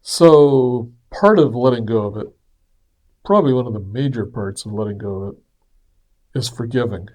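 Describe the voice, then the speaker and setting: A man speaks in an earnest, easygoing monologue, his voice dark and mellow. He talks at a middling pitch and a plain, conversational pace, like someone thinking out loud. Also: moderate pace. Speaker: speaker sharing personal reflections. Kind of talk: casual reflective monologue.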